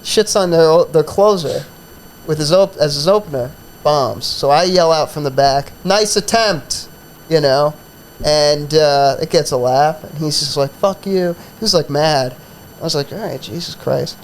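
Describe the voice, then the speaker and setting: A man's voice: on the high side, normal speed, a little hiss or hum, poor audio. A man who hosts a comedy podcast, telling a profane, rambling story in a casual chat full of fillers.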